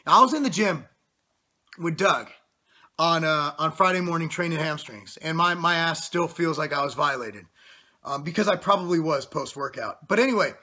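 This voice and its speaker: A man's voice: on the high side, lively intonation, normal speed, bright, forceful tone. A man in his thirties, a bodybuilder giving a blunt, profane motivational rant to camera. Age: 30s. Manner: blunt, profane, intense pep talk. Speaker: fitness vlogger, bodybuilder.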